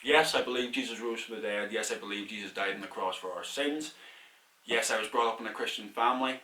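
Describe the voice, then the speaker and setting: A young Irish man talks candidly through viewer questions in a casual vlog, often laughing at himself. His voice is bright and forceful. It sounds echoey, with the mic set back from him. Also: lowish voice, brisk, distant mic. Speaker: YouTuber answering viewer questions.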